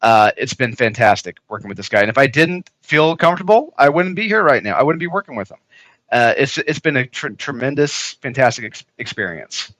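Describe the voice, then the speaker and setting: A man who creates comics, speaking as a guest in a casual interview, hesitant and full of pauses. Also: medium pitch, lively intonation, a bit bright, no room sound, rough recording. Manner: hesitant, lots of "uh" fillers and restarts.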